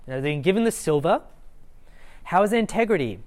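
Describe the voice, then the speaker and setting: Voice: mid-range voice, animated, quick pace, a little mellow. A young adult giving a casual Bible talk to a student group, talking conversationally with fillers, restarts and light chuckles. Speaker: student ministry Bible teacher. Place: lecture room at a student meeting.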